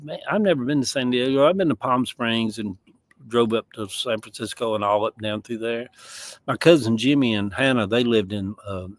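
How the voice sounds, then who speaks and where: A man's voice: medium pitch, normal speed, no room sound. Rambling Southern man chatting outdoors. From American South. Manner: rambling, folksy, chuckling asides. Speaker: livestreamer. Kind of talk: casual chat. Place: outdoors in a yard.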